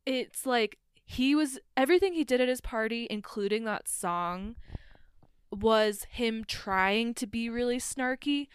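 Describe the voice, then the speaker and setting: An earnest woman talking casually, rambling a little as she goes. Her voice is very crisp and resonant, and the recording is close and dry. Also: a little high, no room sound. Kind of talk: casual chat about a TV show.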